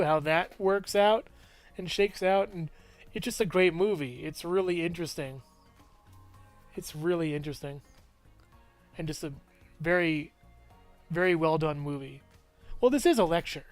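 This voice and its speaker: Guy rambling about movies he loves, high bright voice, dry sound with a bit of music under it. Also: dry recording. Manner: rambling and enthusiastic, laughs often. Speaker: movie reviewer. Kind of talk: casual movie review.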